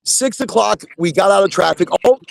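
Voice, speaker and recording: High, gravelly man rambling on a live show. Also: animated, normal speed. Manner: rambling, repeats himself. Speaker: host. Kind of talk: casual live chat. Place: in his truck. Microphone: phone.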